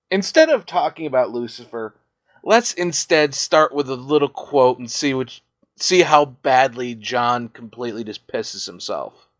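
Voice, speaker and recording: A man's voice: mid-range voice, no room sound, studio quality. A man hosting a podcast, casually retelling a story with plenty of swearing and laughter. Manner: profane, animated storytelling with laughs. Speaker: podcast host.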